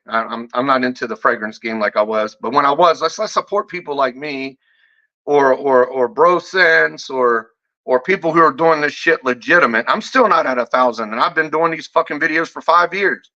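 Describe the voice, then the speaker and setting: A man's voice: medium pitch, pushed and bright. A man who reviews fragrances, ranting in a casual vlog. He is combative and swears constantly, and he stumbles over repeated words when heated. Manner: profane, combative, heavy swearing. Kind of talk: off-the-cuff vlog rant. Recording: dull lo-fi audio.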